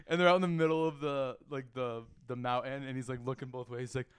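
A man's voice: fairly high pitch, fast, a bit bright, clean tone, dry recording. A man co-hosting a podcast, chatting casually and telling rambling stories between laughs. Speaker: podcast co-host. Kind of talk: casual chat.

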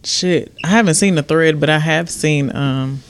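A man co-hosting a casual, explicit podcast, reacting in a laid-back way with quick remarks and chuckles. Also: on the high side, clean tone. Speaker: podcast co-host.

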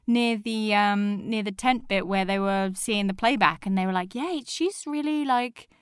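A young woman in casual chat, telling a story with animated acted-out quotes. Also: medium pitch, moderate pace, clean tone, no echo, studio quality.

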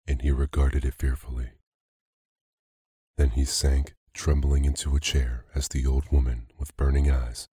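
A man narrating a classic spooky story as a calm bedtime reading for sleep. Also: a bass voice, husky, no echo, studio quality. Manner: slow, calm, even reading.

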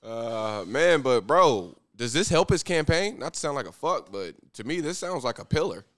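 Male podcast co-host, crude and jokey, lively delivery, dry close sound. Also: mid-range voice, normal speed, no echo. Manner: crude joking, laughs often, says bro and man. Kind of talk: casual podcast banter.

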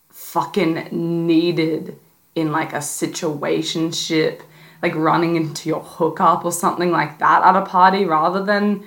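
A young woman with a slightly low voice talks straight into the mic like she's giving a friend tough love. She's sassy, blunt and profane, all casual podcast chat. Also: fairly bright tone. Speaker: podcast host. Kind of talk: casual advice podcast monologue.

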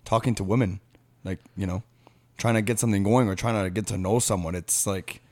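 Low-voiced, halting male podcast guest. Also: fairly even intonation, darkish tone. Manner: halting, many restarts and fillers. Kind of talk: casual chat.

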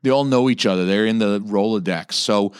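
A man in casual chat as host, animated and swearing a lot, his voice jumping up when excited. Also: fairly low pitch, fairly quick, clear, resonant tone, dry recording, studio quality.

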